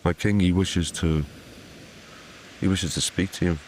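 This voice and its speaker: A man voicing a deep, formal young messenger. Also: fairly even intonation, unhurried, darkish tone, slight background noise. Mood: insistent. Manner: formal, polite, insistent. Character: tall young male stranger, a king's messenger, insistent.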